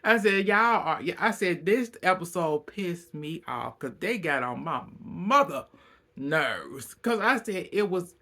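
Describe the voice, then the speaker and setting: A man giving a casual, animated recap of a reality show, laughing often and speaking bluntly with plenty of profanity. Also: high voice, unhurried.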